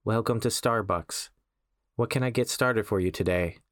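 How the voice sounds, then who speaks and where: A man voicing an emotionless young female barista who speaks in a deadpan, flat monotone. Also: lowish voice, moderate pace, dry recording, clean studio sound, natural voice.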